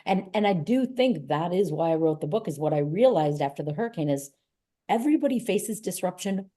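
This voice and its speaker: Low, mellow-voiced woman, earnest and encouraging. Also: animated, a little fast. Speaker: guest, author and gym owner. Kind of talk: motivational interview talk.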